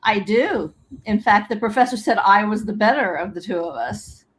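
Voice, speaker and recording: Woman, lively pitch, skeptical guest, dry humor, casual chat. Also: moderate pace, slight background noise.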